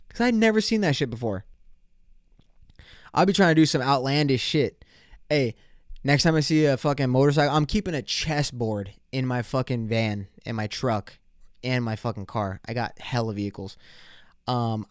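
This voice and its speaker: Profane rambling bro podcast host. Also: male voice, mid-range voice, no room sound, studio quality. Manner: profane, rambling, bro slang, acts out quotes. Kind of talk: casual solo podcast rant.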